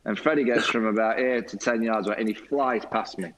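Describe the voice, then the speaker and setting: A man, a guest on a video call, telling a lively anecdote with laughter and quoted voices. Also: fairly low pitch, brisk, slight background noise, rough recording. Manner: lively storyteller, laughs often, mimics teammates. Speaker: former cricket captain guest. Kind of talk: anecdotal storytelling.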